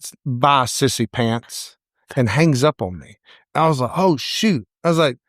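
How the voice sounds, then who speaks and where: A middle-aged man in a relaxed podcast chat tells a story with plenty of animation, slipping into quoted voices as he goes. His voice sits at an ordinary middle pitch. The recording is close and dry, with no room sound. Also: normal speed, no echo. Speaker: salon owner, podcast co-host.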